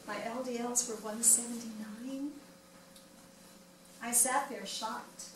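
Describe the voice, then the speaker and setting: An older woman giving a personal wellness talk at a library event, telling her story in an animated way and acting out the dialogue. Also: a little high. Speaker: wellness speaker. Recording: echoey room from far off, noisy.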